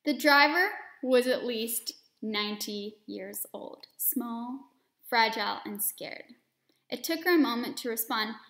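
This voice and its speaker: A woman reading a children's story aloud expressively, pausing to explain words and lessons to young listeners. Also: a little high, creaky, a bit bright, echoey room.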